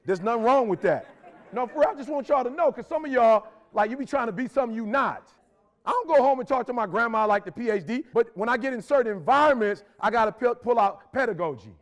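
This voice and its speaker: A man's voice: very high-pitched, expressive, fast talker. A middle-aged man from Detroit giving an urgent, preachy motivational speech to a live audience, slangy and repeating lines for emphasis. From Detroit, Michigan, USA. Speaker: motivational speaker.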